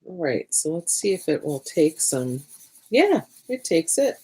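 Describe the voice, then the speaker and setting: A woman's voice: deep voice, sing-song, measured pace, darkish tone, breathy edge. A woman hosting a livestreamed art party, chatting casually as she draws, often restarting her sentences and muttering to herself while she works.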